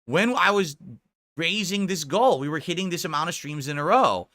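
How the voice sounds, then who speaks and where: Bright-voiced mocking male streamer. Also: on the high side, animated, moderate pace. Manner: mocking, laughing, profane. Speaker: live streamer. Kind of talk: live-stream reaction commentary.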